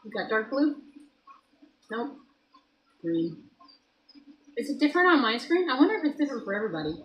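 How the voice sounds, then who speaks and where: A woman hosting a casual morning live stream from her home kitchen, chatting loosely with viewers and greeting them by name, her voice a little hoarse. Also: fairly high pitch, big pitch swings, brisk, fairly bright tone, poor audio.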